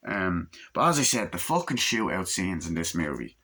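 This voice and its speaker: A man's voice: deep voice, sing-song, normal speed, pushed and bright, slightly rough. A man casually reviewing a film, retelling scene after scene in a rambling, profane way. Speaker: movie reviewer.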